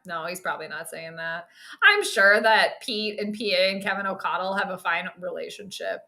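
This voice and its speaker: A woman's voice: fairly low pitch, normal speed, bright, forceful tone, reverberant. A woman hosting a sports live stream, chatting casually and joking with a co-viewer as she comments on the game.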